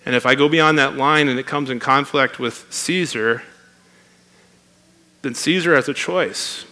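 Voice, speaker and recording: A man's voice: medium pitch, measured pace, bright, forceful tone. A man preaching a sermon in a conversational, emphatic way, reading scripture aloud.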